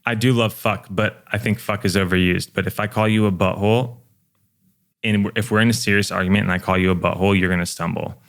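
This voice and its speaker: Young man, podcast guest, deep voice, gritty fry, loose profane casual talk. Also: steady tone, fast talker, fairly bright tone. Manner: laid-back, profane, lots of "like" fillers.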